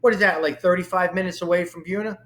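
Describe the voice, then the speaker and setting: A man's voice: high voice, steady tone, quick pace, a bit bright. A man hosting a sports interview, eagerly running through a guest's career record. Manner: enthusiastic, reads off career stats. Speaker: show host. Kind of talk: interview podcast.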